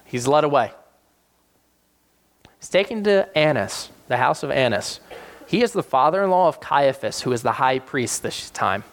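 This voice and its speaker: A man preaching a sermon, retelling scripture with animated acted-out voices for the people in the story. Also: normal speed, pauses often. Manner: animated, acts out quoted characters with sudden high-pitched voices. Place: South Jersey church.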